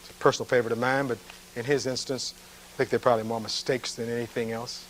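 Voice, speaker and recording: A man delivers a closing argument to a jury in a courtroom, speaking at an ordinary middle pitch. He reads testimony aloud from a transcript, then turns on it with pointed rhetorical questions. A faint hum of noise sits under his voice. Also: flat delivery, fast, low-quality recording. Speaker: defense attorney.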